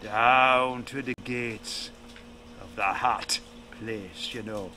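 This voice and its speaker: A man's voice: fairly low pitch, extremely slow, pushed and bright, a little hiss or hum. A man telling a folk tale to an audience in a folksy, jokey way, with asides to his listeners. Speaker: storyteller.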